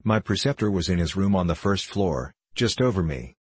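A man's voice: sits low, slightly rough, dry recording. A man reading as a young prisoner telling his past. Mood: grave. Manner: measured, even storytelling. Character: young male prisoner recounting his boyhood. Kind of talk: audiobook reading.

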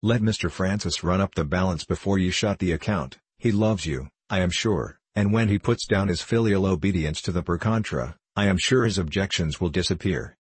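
A devoted, fretful elderly clerk, as a male reader puts him on, pleading in an anxious, earnest way. His voice is very low and husky. It is a storybook reading recorded close and dry. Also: normal speed, few pauses, no room sound.

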